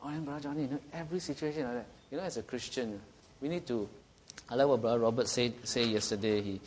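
A man's voice: medium pitch, fast talker, darkish tone, a little hiss or hum. Singaporean man preaching with questions. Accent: Singaporean English. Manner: conversational preaching, rhetorical questions, laughs at own jokes. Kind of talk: sermon.

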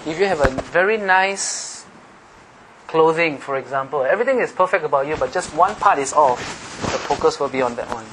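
A man preaching a sermon, animated, teasing the congregation with questions and laughing. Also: fairly high pitch, fairly quick, noisy background. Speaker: pastor.

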